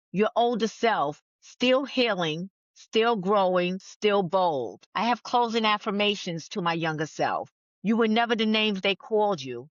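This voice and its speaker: A woman's voice: mid-range voice, fairly bright tone, no echo. Earnest woman, dull lo-fi sound. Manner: earnest and affirming when reading, chatty and candid when talking. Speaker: podcast guest, speaker and author. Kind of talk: reading a letter to her younger self, then casual conversation. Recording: dull lo-fi audio.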